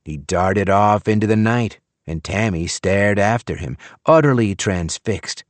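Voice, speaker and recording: A man narrating an audiobook thriller in a measured, wry tone. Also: lowish voice, lively intonation, dry recording. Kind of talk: scripted narration.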